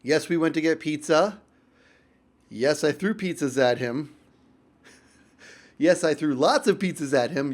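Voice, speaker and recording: A young man telling a story on his vlog, very animated, swinging from loud outbursts to low mutters and rambling with lots of restarts. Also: a little slow, pauses often. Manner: rambling, full of likes and restarts. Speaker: YouTube storyteller.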